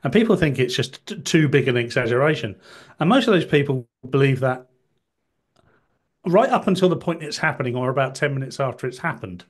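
A man's voice: mid-range voice, lively intonation, brisk. A man talking as a guest on a political podcast, hesitant and full of restarts, with wry asides.

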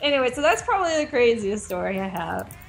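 A woman game designer telling a casual story as a guest, animated and full of "like" fillers. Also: fairly high pitch, fast talker, creaky, soft background music. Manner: animated, heavy use of "like" fillers.

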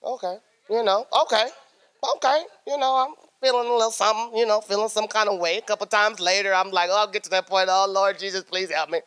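Bright-voiced woman sharing a heartfelt testimony. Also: medium pitch, steady tone, clear, resonant tone. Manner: emotional, acts out her own past words, quick bursts. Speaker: guest, sister-in-law. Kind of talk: personal testimony.

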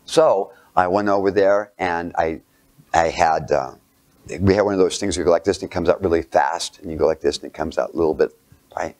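A man with a low voice preaches briskly, weaving his sermon around a childhood memory. His delivery is lively, at times hushed nearly to a whisper, with rhetorical questions thrown to the listeners.

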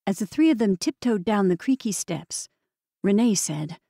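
A woman reads an audiobook novel in an even, measured way. Her voice sits at a middle pitch. The recording is dry and close. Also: creaky, breathy edge, no room sound. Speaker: audiobook narrator. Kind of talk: scripted narration.

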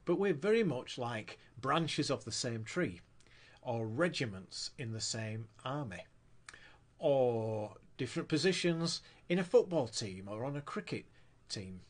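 A male preacher delivering a church sermon with a lively, swinging pitch. His voice has a slight husky edge, and he tells stories and acts out the quoted lines. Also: unhurried. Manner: storytelling, acting out quoted lines with rising pitch.

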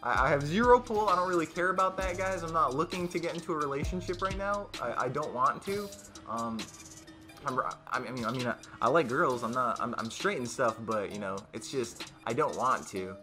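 A teenage boy telling a storytime vlog in a casual, rambling way, with many fillers and restarts, getting loud when quoting his friends. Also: fairly high pitch, animated, a little fast, music in the background. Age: teens. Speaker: YouTuber.

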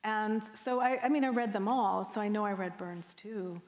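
A middle-aged woman from Jamaica answering an audience question as a guest poet, candid and animated, laughing often. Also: mid-range voice, moderate pace. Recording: long reverb of a lecture hall.

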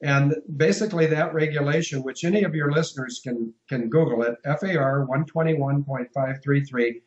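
A man's voice: mid-range voice, moderate pace. Man on an echoey, muffled line. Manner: discursive, emphatic, spells out letters. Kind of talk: phone-in radio interview.

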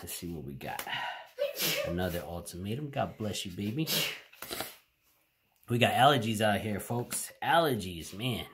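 A man with a low voice talks to his viewers in a casual card-opening vlog, getting excitable and chatty. He records at home, and a steady background noise with clicks is clearly heard under his voice. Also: normal speed, pauses often. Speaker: card-opening channel host. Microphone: home camera setup.

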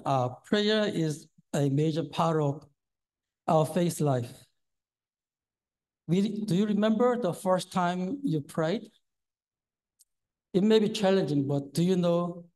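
A man's voice: high-pitched, a little mellow, low-quality recording. A man in his sixties preaching a sermon as a lay preacher, nervous and hesitant with many fillers and a trembling voice. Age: 60s.

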